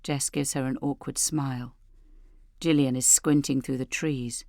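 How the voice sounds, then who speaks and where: A woman narrating an audiobook in a measured, deliberate way. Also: very deep voice, fairly even intonation, creaky, a little mellow, no echo, studio quality. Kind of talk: scripted narration.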